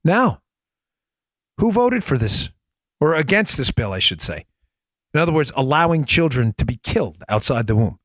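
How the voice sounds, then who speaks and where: A man's voice: mid-range voice, big pitch swings, normal speed, pauses often, no room sound. A man hosting a podcast, delivering emphatic, impassioned political commentary. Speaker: podcast host.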